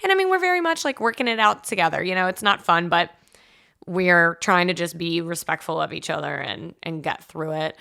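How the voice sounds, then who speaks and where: A woman's voice: fairly low pitch, expressive, fairly quick, creaky, pushed and bright. A young woman host, telling personal stories on a solo podcast in a chatty, confessional way full of "like" and laughing asides. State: congested. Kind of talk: casual solo podcast storytelling.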